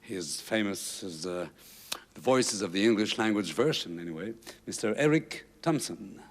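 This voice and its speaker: A French-accented man hosting a TV chat show in a playful, chuckling manner. His voice sits a little on the low side. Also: animated, moderate pace. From France. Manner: playful, laughing often. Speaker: TV host.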